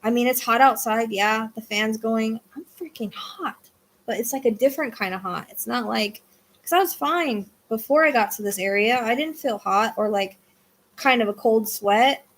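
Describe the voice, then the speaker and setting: Excitable woman streaming a live reading. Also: on the high side, normal speed. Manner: excitable, swings between hushed and exclaiming, talks to her dog. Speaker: psychic streamer.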